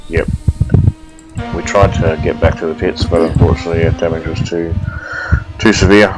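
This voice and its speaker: Deep, laid-back racing driver. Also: male voice, flat delivery, moderate pace, poor audio. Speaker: team driver. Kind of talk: casual chat. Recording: background music on stream.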